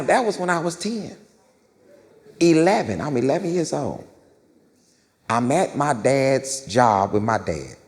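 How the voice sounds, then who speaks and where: A man doing stand-up, telling long stories with lots of repetition on a theater stage. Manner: animated storyteller, repeats lines, jumps into loud high-pitched quoted voices. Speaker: stand-up comedian. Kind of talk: stand-up storytelling. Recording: live theater with long reverb and faint crowd ambience.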